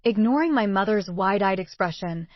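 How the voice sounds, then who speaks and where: A woman reading a first-person story aloud as narrator, in an earnest, steady manner. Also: medium pitch, moderate pace, no echo, dull audio.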